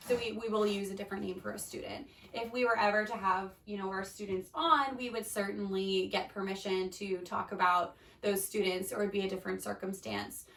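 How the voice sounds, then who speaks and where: A woman's voice: medium pitch, a bit bright. A woman hosting a podcast in casual chat, chatty and teasing, laughing often with her guest. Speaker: podcast host. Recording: roomy, a bit far from the mic.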